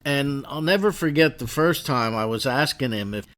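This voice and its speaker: A man's voice: mid-range voice, expressive, normal speed, fairly bright tone. Chatty male radio host. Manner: rambling, restarts questions. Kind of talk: casual radio interview.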